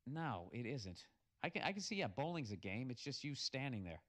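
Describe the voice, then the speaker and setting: A man from the United States hosts a podcast and tears through listener messages in a heated, sarcastic comic rant. He swears constantly. His voice is bright and cutting, sitting at an ordinary middle pitch. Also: sing-song, fairly quick. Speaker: podcast host.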